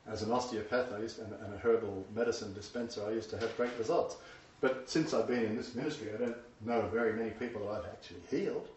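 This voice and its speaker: A man's voice: medium pitch, slight background noise. A man preaching a sermon to a small congregation, speaking emphatically and raising his voice when he quotes scripture. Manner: emphatic, builds to raised voice when quoting God. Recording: roomy echo, distant mic, dull sound.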